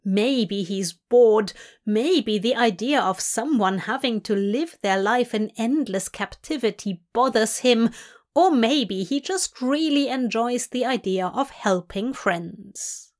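A woman reading a story aloud in calm, measured narration. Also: on the high side. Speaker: fanfic reader.

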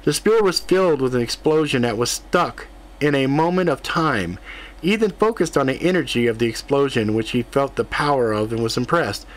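A man narrating a fantasy audiobook in a steady, even reading voice. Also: mid-range voice, normal speed.

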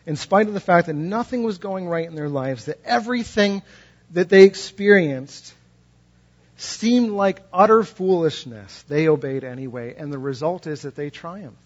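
A man's voice: a little high, moderate pace, muffled recording. A male pastor preaching a sermon, telling stories with passion and emphatic repetition.

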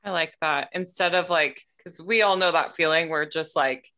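A woman's voice: low-pitched, normal speed, pushed and bright. A woman hosting a casual conversation, giving short agreeing remarks. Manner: responsive, brief agreeing remarks.

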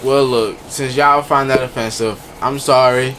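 A man's voice: mid-range voice, fairly even intonation, a little slow, fairly bright tone, slight background noise. A young man co-hosting a podcast in casual chat, ranting emphatically and swearing freely. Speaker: podcast co-host.

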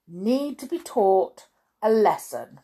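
A woman voicing a rambling, wordy old male wizard in a storybook reading, with a breathy voice. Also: medium pitch, sing-song, slow pace, mellow, pitched above the performer's own voice, full character voice. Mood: pompous. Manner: dithering, roundabout, fussy phrasing.

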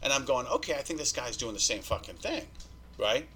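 A man telling his story as a podcast guest, animated and swearing, acting out what people said to him. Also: medium pitch, a little fast, slightly rough. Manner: animated, swearing, acts out quoted dialogue. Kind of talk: storytelling interview.

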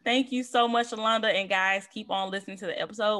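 Affirming woman host, mid-pitched, casual podcast delivery. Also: fairly even intonation, fast talker, loud music behind the voice. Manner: enthusiastic and affirming. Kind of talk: casual interview chat.

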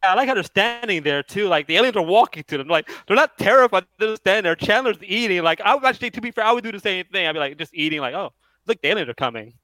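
A man's voice: sits high, animated, quick pace, few pauses, bright, forceful tone, no room sound, poor audio. A man co-hosting a casual podcast chat, cracking dry jokes. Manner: dry, joking asides. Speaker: podcast co-host. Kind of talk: casual chat reviewing a cartoon episode.

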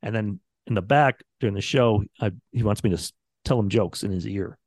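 A man's voice: fairly low pitch, brisk, a little mellow, dry recording, clean studio sound. A man, a radio producer chatting casually on a podcast and acting out quotes from the people in his stories. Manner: rambling storyteller, acts out quotes.

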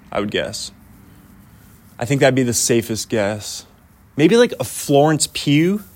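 A man in his thirties hosting a casual solo podcast outdoors in the snow, rambling and chatty, often laughing and saying "dude". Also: mid-range voice. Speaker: podcast host.

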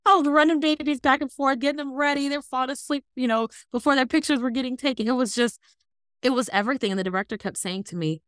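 Animated, smooth-voiced woman telling her story. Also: high-pitched, fast talker, dry recording, clean studio sound. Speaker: guest, entrepreneur. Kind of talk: conversational interview storytelling.

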